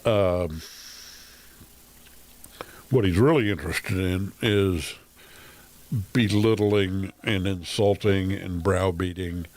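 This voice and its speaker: A man's voice: sits low, slow pace, long pauses, a little mellow. A man talking casually on his livestream, rambling with frequent ums and wry laughs. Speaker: streamer.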